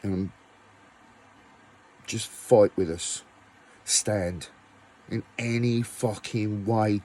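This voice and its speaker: A man's voice: fairly low pitch, fairly even intonation, extremely slow, long pauses, mellow. A man ranting angrily at his viewers, swearing often and firing off rhetorical questions. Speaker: musician vlogger. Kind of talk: angry rant to camera.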